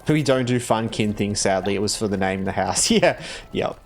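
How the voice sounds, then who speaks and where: A man's voice: fairly low pitch, animated, brisk, a little hiss or hum. A man streaming a game, chatting casually in a rambling way, full of fillers and restarts. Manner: rambling, filler-heavy, self-correcting. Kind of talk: casual live-stream chat while playing.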